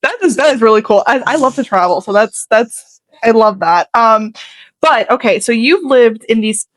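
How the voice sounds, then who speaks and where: A woman's voice: fairly high pitch, expressive, normal speed, no echo, poor audio. A woman hosting an interview. She is enthusiastic and hesitant, with many "um" fillers as she asks her questions. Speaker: interview host. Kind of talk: casual interview chat.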